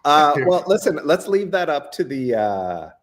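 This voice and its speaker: Guesting on a casual interview, this Canadian man is animated but keeps stammering, restarting, and dropping fillers. His voice runs on the high side, and he takes his time.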